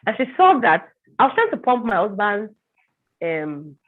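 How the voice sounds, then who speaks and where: A woman telling an emotional personal story as an interview guest, halting and repeating words when upset. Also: medium pitch, big pitch swings. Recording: tinny phone-like line.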